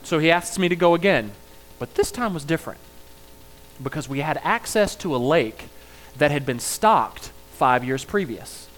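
A man's voice: a little high, expressive, normal speed, poor audio. A middle-aged man preaching a sermon in a conversational style, telling personal stories and joking with his congregation. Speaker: pastor.

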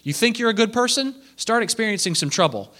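Male preacher, bright and forceful, animated sermon delivery with acted-out asides. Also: high voice, a little fast. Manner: animated, acting out quoted voices.

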